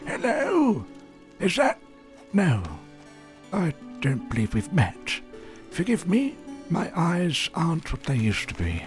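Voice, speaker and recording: A man voicing a half-blind old male antiques trader in a high, quavering voice. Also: huge pitch swings, takes it slowly, faint music behind, full character voice. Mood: fussy.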